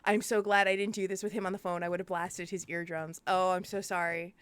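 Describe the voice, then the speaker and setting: Excitable woman streamer, dry close sound. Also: medium pitch, brisk, hardly any pauses, clean tone, no echo. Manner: excitable, gushing, swears freely. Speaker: streamer and interview host. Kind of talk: casual live-stream chat.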